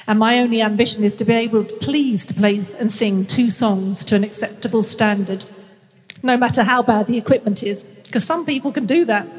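Frank nasal north london woman in her sixties reading her memoir, highish voice, long hall echo. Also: fairly quick. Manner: candid, frank and self-mocking. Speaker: guest author.

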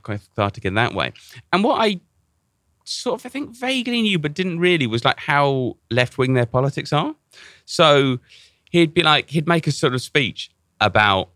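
Lively bright-voiced man chatting. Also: mid-range voice, no echo, clean studio sound. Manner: animated storytelling with many restarts. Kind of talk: casual chat.

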